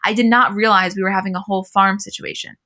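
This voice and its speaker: A young woman co-hosting a podcast, chatting casually as she recaps a reality show and acts out the quotes with animated lifts in her voice. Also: medium pitch, fast talker. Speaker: podcast co-host.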